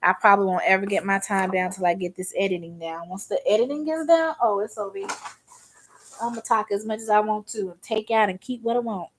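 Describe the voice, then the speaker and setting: A young woman from Arkansas talks her way through a makeup routine, chatty and rambling. She drifts into stories in a relaxed vlogger's voice, with some Southern slang. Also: medium pitch, a little fast, slight background noise. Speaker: beauty vlogger. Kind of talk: chatty makeup tutorial storytelling.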